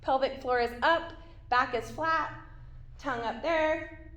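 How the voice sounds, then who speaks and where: Out of breath now and then, a female fitness instructor talks through an ab workout while doing the moves, keeping her tone encouraging. Her voice is high and fairly bright, she speaks slowly, and the recording has a roomy sound.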